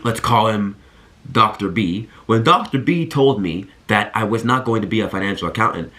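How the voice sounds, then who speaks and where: A man's voice: fairly low pitch, moderate pace. Earnest young man giving college advice. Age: 20s. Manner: earnest, animated storytelling, speaks straight to viewers. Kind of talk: energetic talk to camera.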